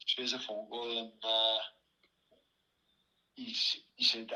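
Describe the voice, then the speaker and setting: A man's voice: medium pitch, flat delivery, takes it slowly, creaky, pushed and bright, rough recording. A man with a Welsh accent, a podcast guest telling a rambling anecdote, laughing often and restarting his sentences. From Wales. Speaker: podcast guest, former boxer. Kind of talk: casual storytelling.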